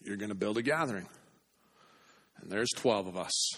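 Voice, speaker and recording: A man preaching a sermon in an earnest way, repeating phrases for emphasis and dropping to a hush on key points. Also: on the low side, normal speed, slightly rough. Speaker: pastor.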